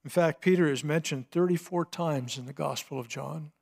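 A man preaching a sermon, retelling a scripture scene dramatically, swinging between hushed and emphatic delivery. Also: fairly high pitch, moderate pace, gravelly. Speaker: pastor.

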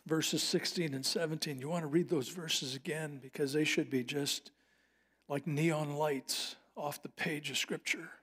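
A middle-aged male pastor delivering a sermon in an earnest, heartfelt way. His voice sits a little higher than most men's, and he slows deliberately on phrases he wants to land. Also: fairly even intonation, a bit bright, husky. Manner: earnest, personal storytelling with slowed emphatic phrases.

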